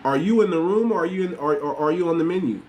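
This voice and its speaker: A man delivers blunt, repetitive podcast commentary, talking straight at his listeners. His voice sits a little high for a man. A faint hiss of ambience runs under the recording. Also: quick pace, a little mellow. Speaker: podcast host. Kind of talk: casual commentary monologue.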